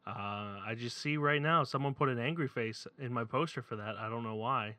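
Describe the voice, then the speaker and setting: A man from the Philadelphia area, co-hosting a casual chat, animated and excitable, swearing freely. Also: mid-range voice, brisk, no room sound. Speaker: podcast co-host.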